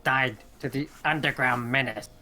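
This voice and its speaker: A man's voice: medium pitch, normal speed, noisy background. A man acting as game master for a tabletop game. He narrates loosely and offhandedly, with a middling voice.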